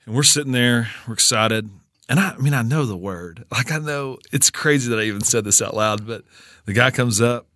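A man's voice: medium pitch, a little fast, pushed and bright, dry recording, studio quality. A man, co-hosting a radio show and telling playful stories in casual banter. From Texas. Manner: storytelling, playful, laughs often.

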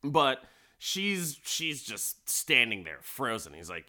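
A man casually recapping a film plot, storytelling in an animated way with frequent fillers. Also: mid-range voice, takes it slowly.

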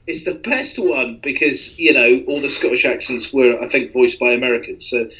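A man's voice: mid-range voice, normal speed, few pauses, pushed and bright, highs cut off. A man hosting a podcast, talking in a rambling, self-deprecating casual way with many restarts. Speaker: podcast host.

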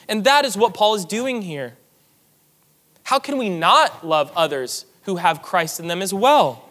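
A man's voice: high voice, sing-song, unhurried, fairly bright tone, big-room sound. A man preaching a sermon as pastor, earnest and emphatic, repeating key phrases for weight.

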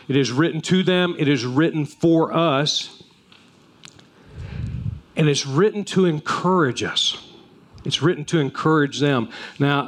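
A man preaching to his congregation, his voice sitting notably high for a man. He tells homely stories and often stops and restarts his sentences, chatty rather than polished. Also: a bit bright. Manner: folksy storytelling with repeated restarts. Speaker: pastor. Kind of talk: sermon.

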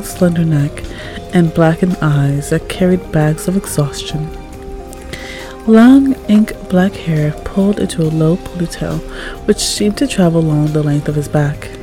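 A woman reading second-person fanfiction aloud in a soft, calm voice that sometimes drops near a whisper. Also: deep voice. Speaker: fanfic reader.

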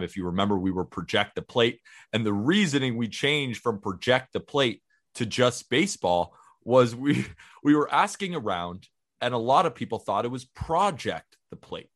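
A man's voice: lowish voice, expressive, normal speed, a bit bright. A man in his twenties co-hosting a podcast, talking in an eager, heartfelt way. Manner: enthusiastic, heartfelt. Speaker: podcast co-host. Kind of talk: casual chat.

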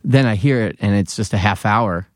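A man's voice: fairly low pitch, normal speed, no echo. A man from the Philadelphia area with a Philadelphia accent, a comedian and TV writer chatting as a podcast guest in a studio and telling stories in a self-deprecating way. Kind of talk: casual chat. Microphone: studio microphone.

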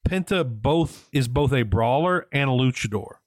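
A man's voice: mid-range voice, animated, normal speed, no echo. Enthusiastic man in casual podcast chat. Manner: enthusiastic, emphatic. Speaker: podcast co-host.

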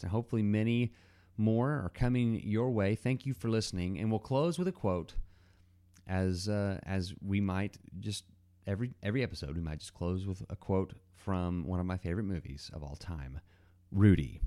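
This casual solo podcast monologue comes from a male host whose voice is low and mellow. He tends to ramble, restarting sentences and leaning on filler words.

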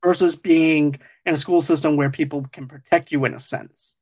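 A man's voice: fairly high pitch, fairly even intonation, moderate pace, a little mellow. Man, podcast host, casual show review, rambling, laughs a lot, restarts sentences.

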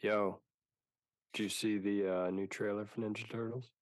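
A man's voice: on the low side, level tone, normal speed, no room sound, studio quality. A young man co-hosting a casual podcast chat, laid-back and teasing, with short replies. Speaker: podcast co-host.

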